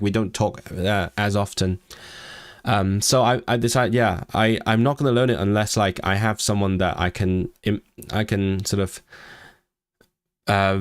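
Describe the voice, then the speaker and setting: Low-voiced man rambling on a livestream. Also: no echo, studio quality. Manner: rambling, self-interrupting with repeated words. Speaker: language-learning streamer. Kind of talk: casual livestream chat.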